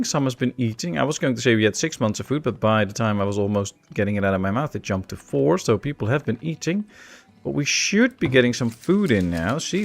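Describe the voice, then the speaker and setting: Gravelly Dutch man with a chatty streamer manner. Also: medium pitch. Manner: chatty, laid-back, answers chat with jokes. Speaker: gaming streamer. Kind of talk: live-stream gameplay commentary.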